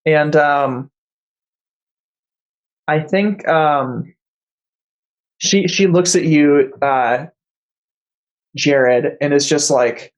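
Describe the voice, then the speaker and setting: A man's voice: on the high side, very slow, long pauses, dull audio. A man narrating as game master, hesitant and full of fillers.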